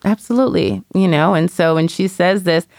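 A woman's voice: on the low side, moderate pace, gravelly, darkish tone, no echo, clean studio sound. A woman in casual conversation, candidly and reflectively telling a personal story as a mother, with lots of "you know".

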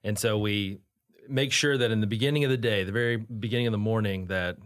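A man guesting on a podcast, speaking in a fairly low voice. He explains in an easygoing way, full of fillers, with a dry, close sound. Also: steady tone, fast talker, no room sound. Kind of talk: casual chat.

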